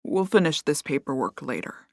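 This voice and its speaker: A woman voicing a gentle, somewhat hesitant man breaking bad news in an audiobook. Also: deep voice, big pitch swings, normal speed, no room sound, studio quality, full character voice.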